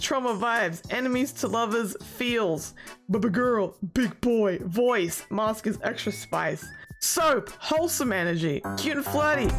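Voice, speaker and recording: Here a slightly high-voiced woman runs through a casual video essay of commentary. Sarcastic and brash, she drops swear words freely and now and then explodes in loud exasperation.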